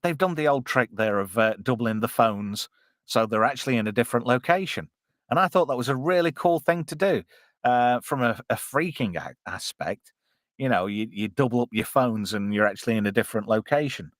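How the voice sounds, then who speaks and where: A man's voice: medium pitch, a little fast, a bit bright, no room sound, studio quality. A man hosting a casual, jokey live-stream commentary on a film. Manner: chatty, jokey, puts on silly voices. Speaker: podcast co-host.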